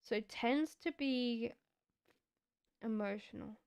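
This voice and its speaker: Slow, clear-voiced woman reading tarot. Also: a little high, a little mellow, dry recording. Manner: slow, reflective, chatty with giggles. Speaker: tarot reader. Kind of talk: live-stream card reading.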